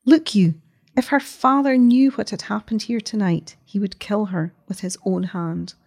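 A woman voicing a distressed, weary noblewoman who speaks low, with a moan in her voice, in a read-aloud story. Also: steady tone, unhurried, creaky, a little mellow. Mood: anguished. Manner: low and moaning.

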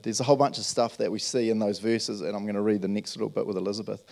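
A man's voice: on the low side, fairly even intonation, very fast, gravelly, warm tone. A man, preaching a casual, earnest sermon and often checking in with his listeners. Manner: earnest, storytelling, checks in with "right?". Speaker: pastor. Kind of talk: conversational sermon.

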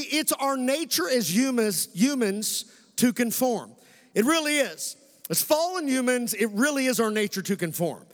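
A man in his forties from Western Kentucky with a Kentucky accent, preaching a sermon as pastor, slowing for emphasis and calling on the congregation. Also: extremely high pitch. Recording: reverberant hall.

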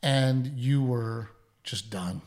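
Young adult male podcast co-host, animated and profane when telling stories. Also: mid-range voice, very slow. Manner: animated, acts out quotes, swears. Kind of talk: casual storytelling chat.

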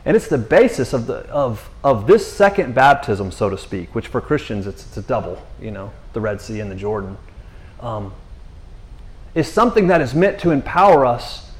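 A man's voice: mid-range voice, lively intonation, normal speed. A man giving a casual, conversational sermon, slangy and full of restarts. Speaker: preacher.

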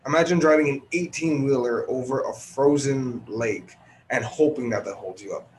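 A man's voice: mid-range voice, moderate pace, a little hiss or hum. Tired chatty man reviewing a movie. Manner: chatty, loose, many ums and restarts. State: tired, early morning. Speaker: podcast host reviewing movies. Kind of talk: casual solo movie review. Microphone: headphone podcast recording.

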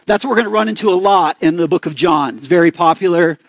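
Speaking quickly in a high-pitched voice, a young pastor with an Arizona accent preaches in a chatty style and keeps asking his congregation questions. There's no room sound on the recording.

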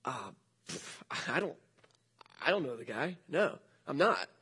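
A man's voice: medium pitch, big pitch swings, measured pace, pushed and bright, slightly rough, voice pushed down, exaggerated voice. A man voicing a frightened adult disciple who nervously denies knowing his friend in hesitant, mumbled phrases. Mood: nervous denial.

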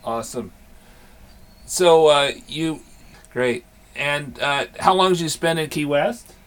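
A man hosting an interview and asking casual questions, with many pauses and fillers. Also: fairly high pitch, a bit bright, clean tone. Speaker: host and author. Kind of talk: podcast interview.

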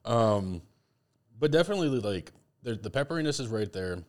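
A man's voice: medium pitch, expressive, normal speed. A man co-hosting a casual whiskey tasting, easygoing and thinking aloud as he talks. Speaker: podcast co-host.

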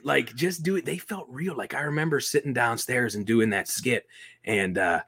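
An animated man telling stories as a toy collector on an interview show. He jokes at his own expense and rambles loosely from one thought to the next. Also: medium pitch, normal speed, breathy edge. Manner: animated, self-deprecating, rambling with restarts. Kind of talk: casual interview storytelling.

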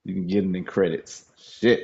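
A man's voice: low-pitched, steady tone, moderate pace, creaky, warm tone, highs cut off. A man co-hosting a podcast, reacting with laughs and crude jokes during banter. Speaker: podcast co-host.

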